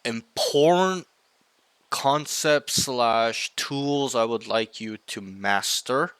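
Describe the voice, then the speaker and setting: A man's voice: medium pitch, extremely slow, fairly bright tone, clear, resonant tone, dry recording. A young man coaching a student over voice chat, rambling and emphatic, swearing casually as he acts out in-game callouts.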